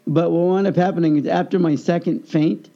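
A man's voice: a little high, fairly quick, lo-fi sound. A man in a casual chat, animatedly telling personal stories and acting out the voices of the people in them. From United States. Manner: animated storyteller, acts out quoted voices.

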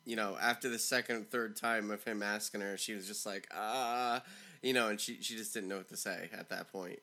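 Bright-voiced man telling a story. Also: fairly low pitch, a little fast. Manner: animated storyteller, laughs often, acts out quotes. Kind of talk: casual storytelling chat.

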